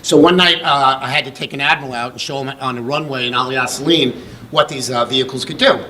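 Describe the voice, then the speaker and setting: Through a rough recording with a little hiss or hum, a middle-aged American man gives a storytelling speech while presenting an award in a function room. His voice is medium-pitched, steady, fairly quick, and sharp, and his anecdote is long and rambling, with many restarts and fillers.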